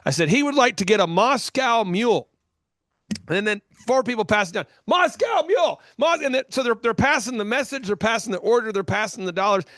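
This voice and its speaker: A man's voice: high-pitched, fairly quick, fairly bright tone, no room sound, clean studio sound. A man hosting a business talk show, telling stories emphatically and repeating lines for effect. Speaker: show host.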